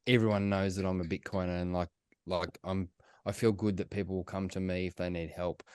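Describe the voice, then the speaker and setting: Man, low smooth voice, dry sound, blunt, swears a lot, podcast call. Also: level tone, fairly quick, a little mellow, no echo. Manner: blunt, swearing, laughing often. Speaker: podcast co-host. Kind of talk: casual podcast chat. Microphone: video call.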